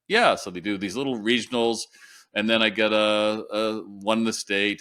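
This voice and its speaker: A man's voice: lowish voice, fairly even intonation, moderate pace, fairly bright tone. A man being interviewed as a retail consultant, telling stories and acting out quoted dialogue. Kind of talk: storytelling in an interview.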